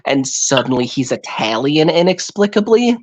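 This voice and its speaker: This man's voice sits on the high side and swings widely in pitch at a moderate pace, with slight background noise. Chatting casually on a live stream through a home mic, he rambles, stumbles over words and drifts into put-on voices.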